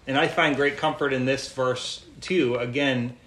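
A man preaching a sermon in a gentle, earnest way, repeating phrases for emphasis. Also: medium pitch, fairly even intonation, a little slow. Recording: echoey room, faint noise.

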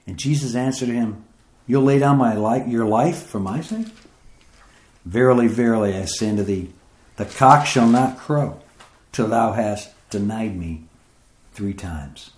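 A man preaching a sermon, reading scripture aloud and explaining it, his voice climbing higher as he presses his points. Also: a little slow, pauses often, roomy sound. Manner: reads scripture aloud then comments, rising in pitch as he grows emphatic.

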